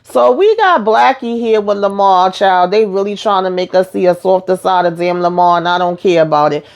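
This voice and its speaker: A woman's voice: mid-range voice, normal speed. A woman giving a casual, chatty recap of a TV episode, retelling scenes with asides and acting out the lines. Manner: chatty, animated retelling with asides and acted-out quotes. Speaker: recap host.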